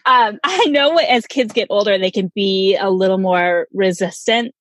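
A woman with a mid-range voice hosts a relaxed interview. She sounds upbeat and encouraging as she leads into questions. The recording is dry and close, with no room sound. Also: mid-range voice, a little slow, no echo. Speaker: host. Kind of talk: casual interview conversation.

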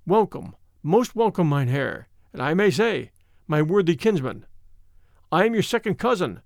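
A man's voice: fairly high pitch, big pitch swings, normal speed, darkish tone, no echo, studio quality. A man voicing a secretive male hunter who fled his lord, speaking in a terse, commanding way in a story reading.

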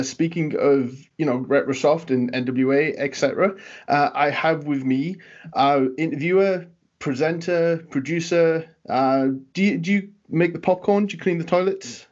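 A man with a softened Geordie accent hosting a casual interview podcast, chatty and laughing often, with plenty of fillers. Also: fairly high pitch, muffled recording. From England. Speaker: podcast host.

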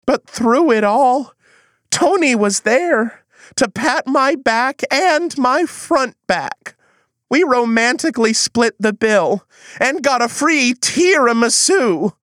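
A woman's voice: on the high side, expressive, takes it slowly, a bit bright, no echo, clean studio sound. A woman acting in a comedy sketch, whiny and melodramatic, with folksy old-timey phrasing.

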